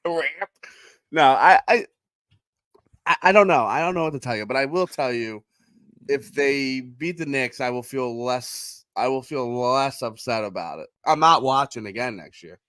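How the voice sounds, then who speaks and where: A man's voice: medium pitch, lively intonation, normal speed, a bit bright, no echo. A man with a Philadelphia accent co-hosting a sports podcast, blunt, sarcastic and profane in casual chat over a remote call. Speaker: podcast co-host.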